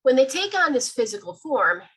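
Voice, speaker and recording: Husky, chatty woman giving a talk. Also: sits high, normal speed, rough recording. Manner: chatty, animated, acts out sounds. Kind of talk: informal library talk.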